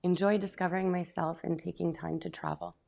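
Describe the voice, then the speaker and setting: A woman guest in a casual interview, recounting her travels calmly and unhurriedly, indoors. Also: fairly low pitch, a little fast, gravelly. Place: indoor arts creation center.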